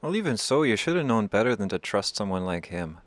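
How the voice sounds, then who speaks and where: A man's voice: fairly low pitch, big pitch swings, a little fast, no room sound. A man voicing a shrewd, confident war chief who scolds and bargains bluntly. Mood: scolding.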